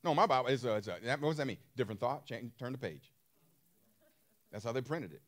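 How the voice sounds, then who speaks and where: A male pastor delivering a sermon with features. His pitch rises and falls in big swings as he presses each point, repeating words and asking the congregation questions. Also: animated, quick pace. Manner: emphatic, repeats phrases, asks the congregation questions.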